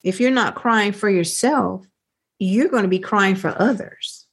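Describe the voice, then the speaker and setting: A woman co-hosts a podcast in relaxed casual chat, her voice at a middle pitch for a woman. She affirms her partner often with short agreeing words. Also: a little slow, husky. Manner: warm, affirming, with frequent "that's right" and "mm-hmm". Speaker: podcast co-host.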